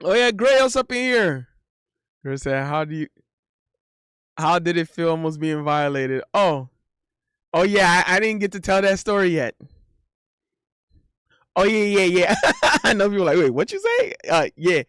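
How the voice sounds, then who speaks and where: Animated streamer man doing goofy sound effects. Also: sits high, measured pace, long pauses, clean tone, dry recording, clean studio sound. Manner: playful, animated, makes silly sound effects. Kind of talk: casual stream banter.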